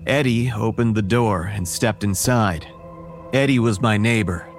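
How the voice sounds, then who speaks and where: A man narrating a first-person horror story in a measured, wary tone. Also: fairly low pitch, faint music behind.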